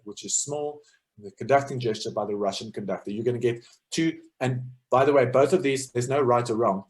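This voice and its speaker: A male lecturer and choral conductor giving an illustrated talk, guiding listeners through musical examples. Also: mid-range voice.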